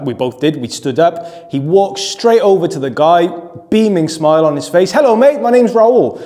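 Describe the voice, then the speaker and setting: British man explaining self-defence, reverberant. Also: mid-range voice. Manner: steady, explanatory, checks in with "right?" and "okay?". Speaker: self-defence instructor and host. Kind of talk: instructional chat to camera. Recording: long reverb.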